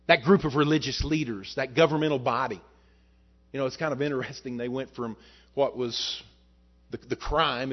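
Man, pastor, sermon, rhetorical questions, swings loud to soft, mid pitch, dull lo-fi sound. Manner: rises and falls in pitch and loudness, rhetorical questions.

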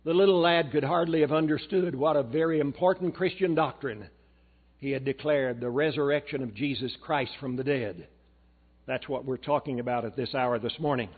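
A man's voice: fairly high pitch, husky. A man giving a sermon as a guest preacher, telling a story in a folksy way and reading quotations aloud. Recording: tinny phone-like recording.

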